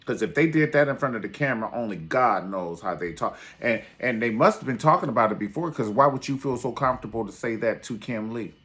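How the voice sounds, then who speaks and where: A man's voice: medium pitch, expressive, brisk, hardly any pauses, fairly bright tone. A man reviewing a reality show in a sassy, theatrical way, calling everyone honey. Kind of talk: casual commentary video.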